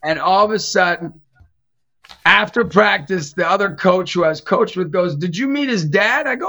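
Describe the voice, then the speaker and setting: A middle-aged man with a high, bright, ringing voice tells stories in a relaxed chat. He plays out every quoted line in an animated way. The recording sounds a little dull and lo-fi. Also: moderate pace, vocal fry. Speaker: Catholic evangelist and youth basketball coach. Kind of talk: casual storytelling in a podcast chat.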